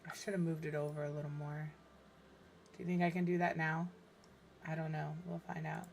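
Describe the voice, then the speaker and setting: Give me a tired, hoarse woman with a slightly low voice, chatting to herself on a game stream. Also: little pitch movement, a little fast, slight background noise. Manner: tired, muttering to herself while building. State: hoarse, voice fading. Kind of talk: casual gameplay streaming chat.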